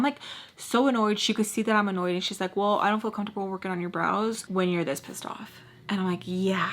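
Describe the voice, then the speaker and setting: Woman, 30s, vlogger, chatty storytime voice, mid pitch, talks to the camera at home. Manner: chatty, animated, heavy use of "like". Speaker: beauty vlogger. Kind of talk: storytime while doing makeup.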